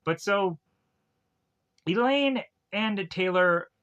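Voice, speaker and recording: Rambling, bright-voiced male streamer. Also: high-pitched, expressive, extremely slow, clean tone, muffled recording. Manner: rambling, full of fillers and laughs. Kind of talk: casual film recap and rambling anecdotes.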